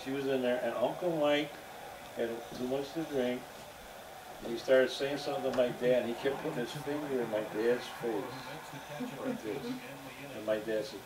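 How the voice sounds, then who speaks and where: A man recalling family stories in relaxed, casual chat. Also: medium pitch, moderate pace, background noise. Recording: echoey room, distant mic, crowd behind.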